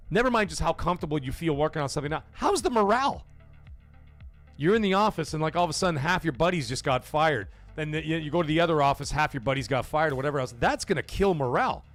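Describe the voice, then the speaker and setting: Animated, profane male livestream host. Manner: profane, animated, rhetorical questions; acts out quoted voices with pitch jumps. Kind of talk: casual gaming livestream rant.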